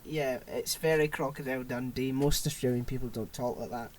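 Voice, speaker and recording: A British man co-hosting a podcast, chatting casually, excitable and sweary, laughing often. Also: mid-range voice, fairly quick, slight background noise. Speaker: podcast co-host. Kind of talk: casual chat.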